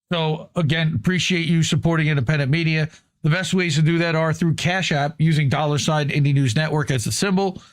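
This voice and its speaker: A man hosts a live independent news stream in a casual, thankful manner. His voice sits a little high for a man, and he often repeats words as he talks. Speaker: host. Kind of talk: livestream news show.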